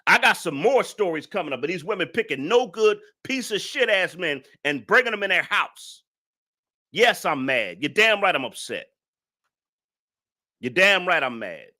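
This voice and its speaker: A man's voice: sits high, very animated, normal speed, pushed and bright. A man hosting a reaction commentary, ranting angrily and repeating himself with heavy profanity. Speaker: commentary channel host.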